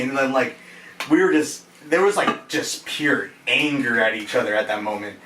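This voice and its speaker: A young man casually telling a work story, animated and laughing, full of fillers and swearing. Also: medium pitch, moderate pace. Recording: echoey room from a distance, faint noise.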